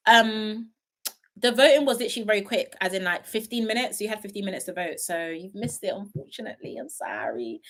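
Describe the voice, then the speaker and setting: A woman's voice: medium pitch, a little fast, fairly bright tone. Young woman, stream host, playful and rambling, lots of ums. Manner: chatty, playful, laughs often, trails off with ums. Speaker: reality show commentator. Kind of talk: casual live-stream chat reading viewer comments.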